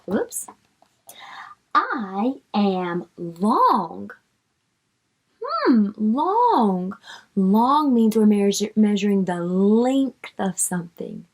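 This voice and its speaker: Slow, lively woman reading to kids. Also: medium pitch. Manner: coaxing, asks the child questions; stretches out words when reading. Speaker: teacher reading to children. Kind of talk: reading a picture book aloud to young children.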